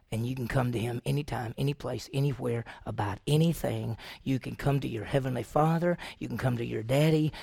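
A man's voice: a little high, gravelly, a little mellow, dry recording, clean studio sound. A middle-aged male pastor preaching a sermon, asking his congregation questions and answering them himself, acting out quoted voices.

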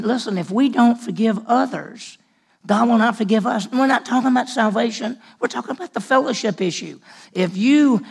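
Gravelly high-voiced man preaching. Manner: dramatic swings from loud emphasis to hushed near-whisper. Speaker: pastor. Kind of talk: sermon.

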